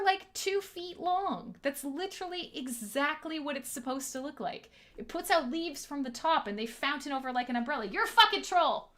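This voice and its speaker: A woman's voice: high-pitched, a bit bright. A woman hosting a casual livestream from home, joking with her chat in a profane, sarcastic, self-mocking way. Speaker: livestream host.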